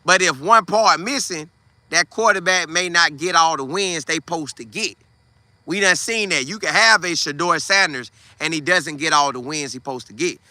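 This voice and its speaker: Animated high-voiced man talking football. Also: moderate pace, no echo. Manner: animated, trash-talking, Southern Black vernacular slang. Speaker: sports podcast host. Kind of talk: casual football commentary monologue.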